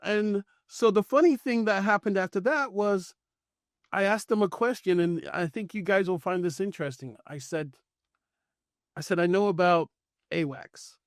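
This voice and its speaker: A man's voice: high voice, moderate pace, no echo, clean studio sound. A middle-aged man casually telling a personal story on a podcast, acting out the lines of the people in it. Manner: animated storytelling, acting out quoted dialogue. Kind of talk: casual anecdote.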